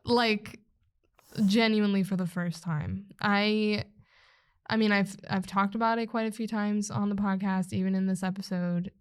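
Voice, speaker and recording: A young woman on a casual podcast, her speech halting and full of restarts. She sounds emotional and works to hold back tears, with an even mid-range voice. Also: medium pitch, clean tone. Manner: emotional, halting, trying not to cry. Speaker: podcast co-host. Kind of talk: casual heartfelt chat. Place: indoor podcast recording.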